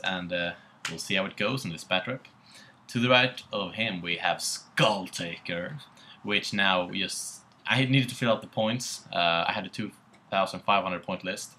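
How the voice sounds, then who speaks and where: Low, very bright-toned Swedish man. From Sweden. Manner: laid-back, swears casually. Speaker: co-host. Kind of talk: casual battle report commentary.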